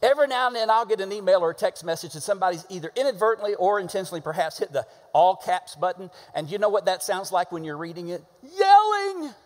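A pastor preaching a sermon, animated and conversational, asking the congregation to repeat words with him and punching key words hard. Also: male voice, sits high, quick pace, hardly any pauses, in a large hall. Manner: animated, with sudden shouted emphasis and call-and-response.

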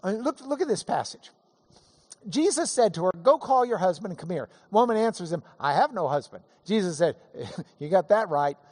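Lively preaching man in a reverberant hall. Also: sits high, brisk. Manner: lively, conversational preaching with asides. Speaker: pastor. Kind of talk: sermon with Bible teaching.

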